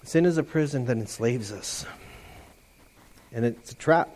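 A middle-aged man preaching a lively sermon to his congregation, animated and playful, often mimicking voices. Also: mid-range voice, unhurried. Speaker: pastor.

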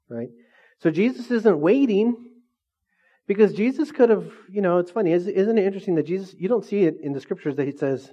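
A man's voice: high-pitched, expressive, brisk, mellow, muffled recording. A male pastor preaching a sermon, repeatedly asking the congregation questions and prompting their replies. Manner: call-and-response questions to the congregation.

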